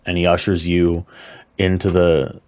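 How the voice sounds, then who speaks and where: Man, game master, very deep voice, slow measured narration. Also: little pitch movement, darkish tone.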